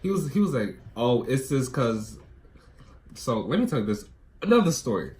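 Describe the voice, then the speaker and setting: A young man with a New York accent in a casual chat, telling stories in an animated way and swearing a lot. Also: medium pitch, normal speed. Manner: animated storytelling, swears often. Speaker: co-host.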